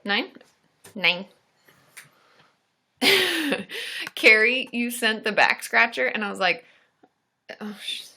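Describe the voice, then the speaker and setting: A woman's voice: on the high side, moderate pace, creaky, background noise. A woman therapist hosting a live stream, giving supportive advice in a chatty, casual way and joking with her partner. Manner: chatty, supportive, casual filler-heavy talk; laughs and jokes with her partner. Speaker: licensed therapist and channel host.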